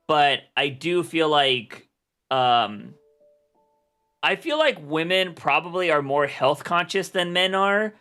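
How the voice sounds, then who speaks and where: A man's voice: fairly high pitch, bright, forceful tone. A young man chatting casually on a livestream, rambling with lots of fillers and restarts. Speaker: streamer.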